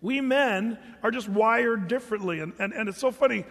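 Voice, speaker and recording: A man's voice: sits high, normal speed, a bit bright. A man preaching a sermon in a humorous, conversational way, with joking asides to the congregation. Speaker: pastor. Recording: long hall reverb.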